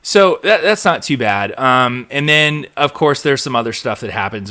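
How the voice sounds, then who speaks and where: A man hosting a live show, chatting casually and animatedly, acting out bits as he rambles. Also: fairly low pitch. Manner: rambling, animated, acts out quotes. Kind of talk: casual live recap chat.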